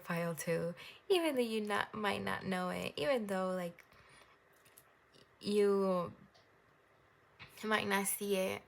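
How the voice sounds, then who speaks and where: A young woman doing a casual tarot reading, rambling gently and reassuringly and laughing at herself. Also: medium pitch, slow, vocal fry, long pauses. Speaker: tarot reader.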